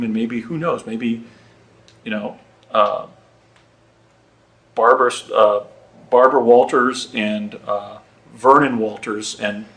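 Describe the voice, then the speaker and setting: A middle-aged man tells his own story in a casual, halting way. He stumbles and repeats words as he remembers, and his voice sits at an ordinary pitch. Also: a bit bright, low-quality recording. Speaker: eyewitness telling his story.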